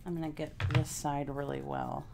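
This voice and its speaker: A woman's voice: deep voice, flat delivery, normal speed, vocal fry, noisy background. A woman from Texas, chatting casually with live viewers while she works on a craft project and thinks aloud. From Houston, Texas. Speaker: craft vlogger.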